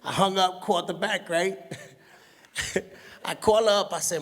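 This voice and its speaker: Middle-aged male comic, high voice, lively storyteller, big hall reverb. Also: a little slow. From Puerto Rican heritage. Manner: animated storytelling, acts out his mother with high shrieks. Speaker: stand-up comedian. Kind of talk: stand-up comedy routine. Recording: long reverb of a show hall.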